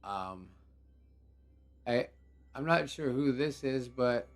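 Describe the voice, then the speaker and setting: A man hosting a live game show stream, talking casually in a relaxed, rambling way with many fillers. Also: medium pitch, slow, long pauses, faint music behind.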